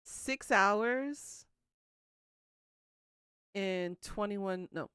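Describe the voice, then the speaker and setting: A woman's voice: mid-range voice, drawn-out words, a bit bright, clean tone, dry recording, clean studio sound. A woman in her thirties hosting a livestream, chatting casually and teasing her viewers as she answers them. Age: 30s. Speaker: livestream host. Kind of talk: casual chat with live viewers.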